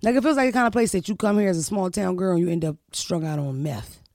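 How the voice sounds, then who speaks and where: Brief: woman comic hosting a podcast, loud and profane, gravelly tone, dry close mic. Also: fairly low pitch, fast, dry recording. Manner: loud, profane, animated banter. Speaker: podcast host and comedian. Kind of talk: casual podcast chat.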